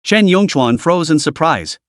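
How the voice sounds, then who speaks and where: A man's voice: fairly high pitch, a little slow, no room sound, clean studio sound. A man narrating a dramatic story recap in a scripted reading voice. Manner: lively storytelling, reads all characters' lines himself.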